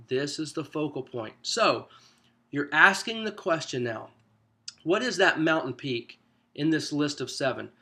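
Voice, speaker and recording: A man's voice: fairly high pitch, pushed and bright. A man coaching church small group leaders in a casual, conversational teaching style, with frequent fillers and restarts.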